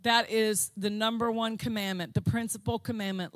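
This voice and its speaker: A woman preaching a fervent sermon, repeating phrases and building to shouted declarations. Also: fairly high pitch, fairly even intonation, moderate pace, hardly any pauses, no echo. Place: church service.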